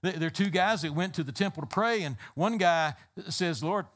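A man's voice: a little high, expressive, fairly quick, a bit bright. A man preaching a sermon as a pastor, building emphatic repeated phrases. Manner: emphatic, repetitive preaching cadence.

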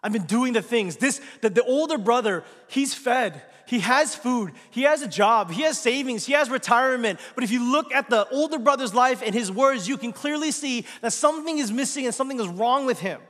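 A man preaching a sermon as pastor, swinging from loud, emphatic lines to hushed, near-whispered asides. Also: very high voice, animated, fairly quick, few pauses, big-room sound.

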